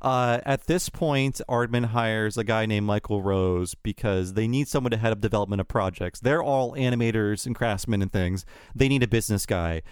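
A man's voice: fairly low pitch, moderate pace, few pauses, smooth, dry recording. A man co-hosting a podcast, recounting studio history in a casual, conversational way. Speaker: podcast co-host. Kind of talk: casual chat.

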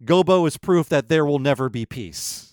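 A man hosting a podcast, telling a story in a lively way and acting out the quotes. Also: fairly high pitch, normal speed, dry recording, studio quality. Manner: animated storyteller, acts out quotes. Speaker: podcast host. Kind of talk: casual podcast chat.

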